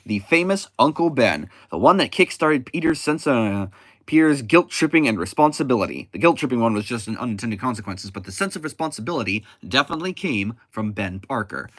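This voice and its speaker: A man casually reviewing a comic book, talking in a halting way with frequent restarts and self-corrections. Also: mid-range voice, fairly bright tone, dry recording.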